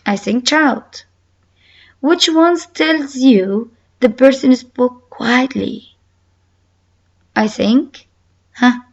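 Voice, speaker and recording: A woman teaching a recorded lesson with a slow, deliberate delivery, repeating key words and reading example sentences aloud. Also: high-pitched, highs cut off. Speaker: English teacher. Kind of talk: recorded online English lesson.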